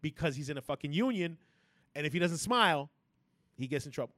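High-voiced ranting man, dry close sound. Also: animated, fairly quick, a bit bright, dry recording. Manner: profane, emphatic ranting with stammered restarts. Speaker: podcast co-host. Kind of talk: casual ranting podcast chat.

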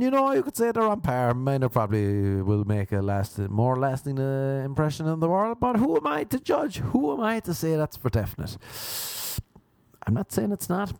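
A young Irish comedian rambles through an absurd story with deadpan, playful timing. His voice is gravelly and swoops up and down a lot. The sound is dry and close. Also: a little high, moderate pace, no echo. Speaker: comedian podcast host. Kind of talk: rambling comic monologue.

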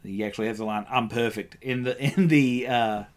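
A man's voice: mid-range voice, steady tone, fairly quick. A man co-hosting a casual podcast, recapping an old cartoon with lots of ums and restarts. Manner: rambling, many ums and restarts, laughs often. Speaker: podcast co-host.

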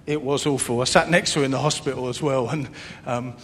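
A man's voice: fairly even intonation, a little fast, a bit bright. A man preaching a sermon as pastor, earnest, with a repetitive cadence. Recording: long reverb, faint rumble.

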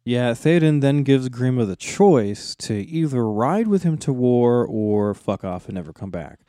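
Relaxed, crude-talking man. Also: medium pitch, measured pace, no echo, studio quality. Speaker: podcast co-host. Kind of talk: casual chat.

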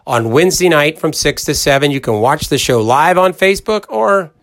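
Pitched on the high side and a bit bright, this middle-aged man speaks expressively at a moderate pace on his college football podcast. He spins rambling, folksy stories directly to listeners, stressing words often and mimicking the people he quotes.

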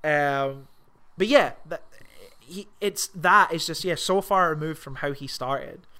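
Excitable, bright-voiced man chatting about films. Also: fairly high pitch, measured pace, clear, resonant tone. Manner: rambling, swears often, excitable. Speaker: podcast co-host. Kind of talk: casual film discussion.

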